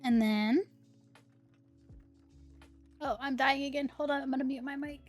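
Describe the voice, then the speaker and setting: A woman's voice: high-pitched, fairly even intonation, measured pace. A young woman streaming a game, chatting casually and reading the game's text aloud in an amused way. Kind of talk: casual let's-play commentary. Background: faint lo-fi music.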